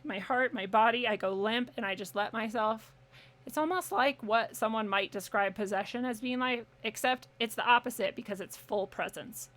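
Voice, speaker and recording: Bright-voiced woman telling a story candidly. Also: mid-range voice. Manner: candid and animated, swears freely, laughs often. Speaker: podcast guest. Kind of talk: casual storytelling.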